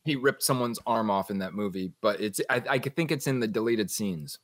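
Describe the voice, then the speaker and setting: Offhand podcast co-host. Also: male voice, lowish voice, normal speed, no room sound. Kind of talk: casual podcast chat.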